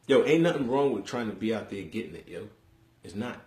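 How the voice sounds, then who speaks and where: A young man from Harlem, New York City, hosts a live webcast from a room in his home, chatting bluntly with viewers in slang. His voice is lowish, animated, a little fast, and slightly mellow. The room sounds echoey.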